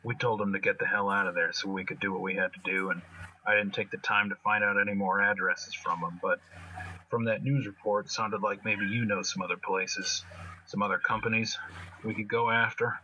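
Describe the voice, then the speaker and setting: A man's voice: on the low side, steady tone, a little fast, pushed and bright, dull audio, a little hiss or hum. A man voicing a weary, practical male henchman who reports in a matter-of-fact way.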